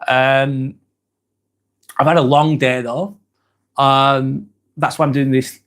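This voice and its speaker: A man's voice: medium pitch, flat delivery, slow, a bit bright. A man, hosting a live stream and chatting casually through viewer comments, earnest and hesitant, with many ums and apologies. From England. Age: 40s.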